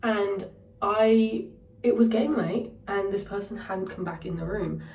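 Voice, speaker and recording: A woman's voice: medium pitch, steady tone, unhurried, darkish tone, distant mic. A young woman casually telling a story, candid and sweary, ranting. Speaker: vlogger. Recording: roomy echo, voice set back from the mic.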